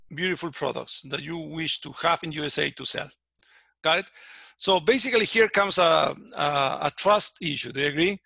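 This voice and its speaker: A man's voice: a little high, gravelly, sharp tone, dry recording. A man teaching a finance class over a video call, often stopping to check that students follow. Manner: checks understanding often, with many restarts. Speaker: finance lecturer. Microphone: computer mic on a video call.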